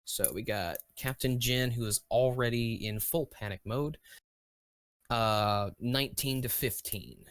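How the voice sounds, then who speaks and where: A man at an unhurried pace acts as game master for a tabletop game. He searches aloud and fills pauses with ums and restarts. His voice is close and dry, with no room sound around it. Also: mid-range voice, fairly bright tone, no room sound. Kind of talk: running a tabletop game over voice chat.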